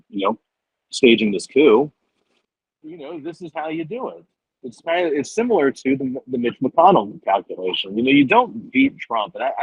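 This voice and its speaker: A man who is a political journalist and biographer, answering at length in a rambling, animated way with many fillers and restarts. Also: mid-range voice, breathy edge, no echo. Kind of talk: conversational interview answer. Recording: dull, muffled remote audio.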